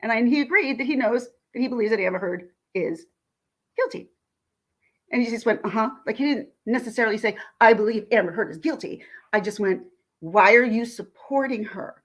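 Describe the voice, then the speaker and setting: A woman's voice: fairly high pitch, brisk. A woman vlogger, indignantly retelling a phone call in a ranting commentary.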